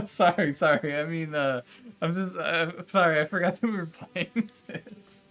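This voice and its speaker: A slightly high, fairly bright male voice comes through at a somewhat slow pace. The man is streaming a game and chatting casually with viewers, though he's exasperated, swearing, ranting and arguing with his chat.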